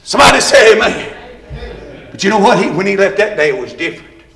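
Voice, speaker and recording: A man preaching a shouted revival sermon, calling on the congregation to say amen. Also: sits high, very animated, fast, gravelly. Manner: call-and-response, repeatedly urging the congregation to say amen. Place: church sanctuary with congregation. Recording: echoey church with faint crowd.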